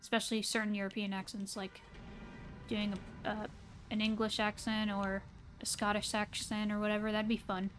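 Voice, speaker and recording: A woman's voice: medium pitch, little pitch movement, normal speed, soft background music. A woman from the American South with a standard American accent, chatting casually and hesitantly to her live-stream audience while playing a game. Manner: rambling, hesitant with many fillers.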